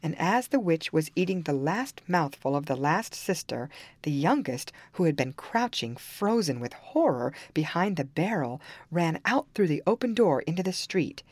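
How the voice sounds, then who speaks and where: A woman reading a fairy tale aloud in calm, even-paced storybook narration. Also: low voice, moderate pace, dry recording.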